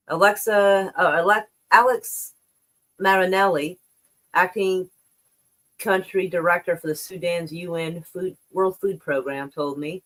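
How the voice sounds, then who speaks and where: A woman's voice: fairly low pitch, fairly even intonation, takes it slowly, pauses often, fairly bright tone. A slightly out-of-breath woman hosting a casual livestream, rambling and swearing as she reads and comments on the news. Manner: rambling and profane, with many restarts.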